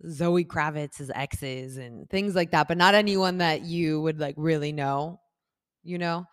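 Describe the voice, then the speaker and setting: A woman hosting a podcast, telling a story in casual chat, animated and acting out the dialogue. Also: sits low, unhurried, smooth. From Los Angeles area resident. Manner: animated, acts out quoted dialogue, laughs through story. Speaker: podcast host.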